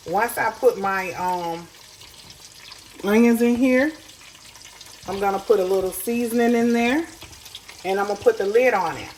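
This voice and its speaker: A woman's voice: medium pitch, unhurried, pauses often, darkish tone, a little hiss or hum, rough recording. A woman, chatting folksy and direct to viewers as she cooks at home. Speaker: home cook. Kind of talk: casual cooking tutorial. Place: home kitchen. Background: faint sizzling pan.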